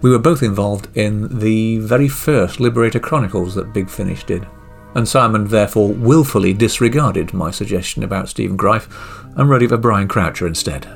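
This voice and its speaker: A man's voice: lowish voice, normal speed, creaky, faint music behind. A man, a producer and script editor, explaining how an audio drama came about. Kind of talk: behind-the-scenes interview.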